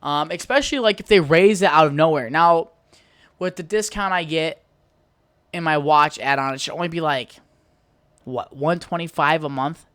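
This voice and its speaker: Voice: medium pitch, moderate pace, a bit bright, no room sound. A podcast host from the United States ranting heatedly and profanely in a solo monologue.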